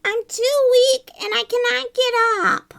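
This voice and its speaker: A woman voicing a frail old grandmother in a storybook, in a high quavering squeak. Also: steady tone, unhurried, gravelly, fairly bright tone, full character voice. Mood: feeble.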